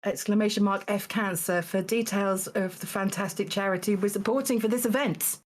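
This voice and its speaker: A woman's voice: medium pitch, steady tone, normal speed. A woman hosting a live charity game show stream, dry and teasing, with frequent ums and restarts.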